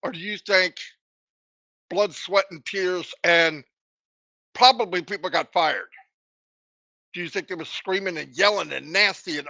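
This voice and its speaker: A man delivers a live motivational talk in a high, bright voice. He is emphatic and keeps asking the listeners rhetorical questions. The sound is dry and close. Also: normal speed, long pauses, no echo. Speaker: motivational speaker.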